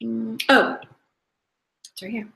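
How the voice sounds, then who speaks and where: A woman's voice: on the high side, fairly even intonation, takes it slowly, gravelly, a bit bright, echoey room, poor audio. A woman team leader giving a casual training talk, chatty and rambling, often breaking off and restarting her sentences. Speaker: direct sales team leader.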